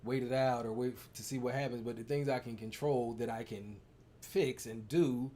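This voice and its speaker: A man's voice: medium pitch, steady tone, normal speed, mellow, slight background noise. A man chatting casually and playfully as co-host, telling stories and acting out quotes. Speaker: co-host, partner of the coach. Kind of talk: casual chat.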